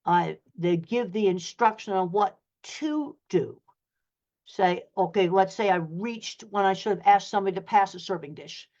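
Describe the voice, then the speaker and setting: An older woman speaks in a direct, no-nonsense manner, explaining things through practical examples. Her voice sits at a middle pitch. The sound is a little dull and lo-fi, as heard through a video call. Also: normal speed, darkish tone. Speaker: guest speaker, professor of animal science. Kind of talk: lecture-style talk over video call.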